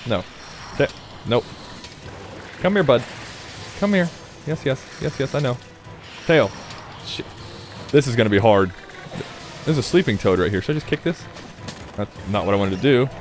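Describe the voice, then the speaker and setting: A man casually commenting on his own gameplay, chatting, swearing and talking to the monster as he plays. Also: mid-range voice. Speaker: let's play gamer.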